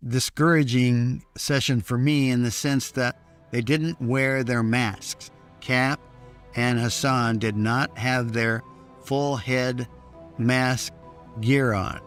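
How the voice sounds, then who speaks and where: A man giving documentary testimony about being held hostage, speaking in a sober, measured way. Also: mid-range voice, a bit bright. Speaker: former hostage recounting captivity. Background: faint music.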